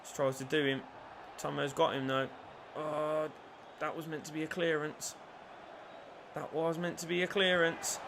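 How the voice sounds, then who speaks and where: A young man commentating his own football video game, swinging from low mutters to loud shouts and cheeky jokes. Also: level tone, unhurried, vocal fry, a little hiss or hum. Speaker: gaming YouTuber.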